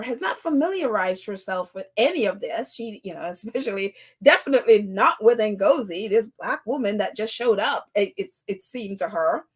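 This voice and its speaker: A woman hosting a podcast, talking in casual commentary, animated and exasperated, with bursts of incredulous laughter. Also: sits high, breathy edge. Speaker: podcast host.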